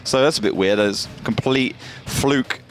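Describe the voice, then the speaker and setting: A male esports caster talking through a match in a loose, chatty way, stopping now and then with fillers and restarts. His voice sits at an ordinary middle pitch. A faint hum of ambience runs underneath. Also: measured pace. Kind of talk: casual play-by-play analysis.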